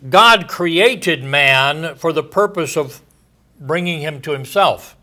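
A man, likely older, delivering a sermon slowly and deliberately, letting his phrases trail off softly at the ends. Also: on the high side, expressive. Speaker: preacher.

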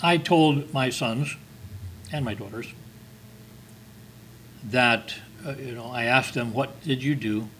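A man's voice: medium pitch, slow, pauses often, fairly bright tone, a little hiss or hum, poor audio. An older man preaching a sermon, reading scripture with earnest, emphatic stresses.

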